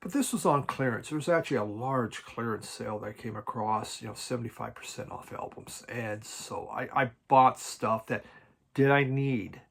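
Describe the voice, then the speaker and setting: A man chatting casually about his record collection at home, halting and restarting often and chuckling now and then. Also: mid-range voice, vocal fry, slightly rough. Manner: halting, many restarts and repeated words. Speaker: vinyl record collecting vlogger. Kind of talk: casual rambling chat.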